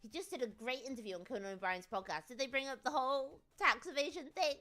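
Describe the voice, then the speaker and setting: A woman with a British accent chats casually to her livestream viewers. Her voice is bright and sits a little high. She teases them playfully, restarts her sentences often, and keeps up the banter. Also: quick pace. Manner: teasing, jokey banter with many restarts. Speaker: VTuber streamer.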